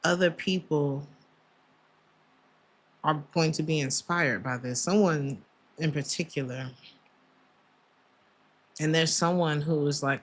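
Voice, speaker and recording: Low-pitched woman, warm chatty tarot reading, emotional asides. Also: steady tone, measured pace, long pauses. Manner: emotional, chatty, many fillers and laughs. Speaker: tarot reader.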